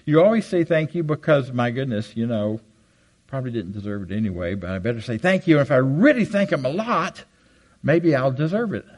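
An older man giving an animated, self-deprecating storytelling talk to a live audience on a handheld mic. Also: a little fast, rough recording. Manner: animated, jumps high for quoted voices. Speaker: guest speaker. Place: hall with audience. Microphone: handheld microphone.

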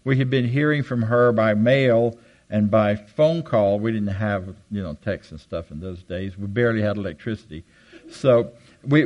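An older man giving an animated, self-deprecating storytelling talk to a live audience on a handheld mic. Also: moderate pace, dull audio. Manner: animated, jumps high for quoted voices. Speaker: guest speaker. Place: hall with audience. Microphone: handheld microphone.

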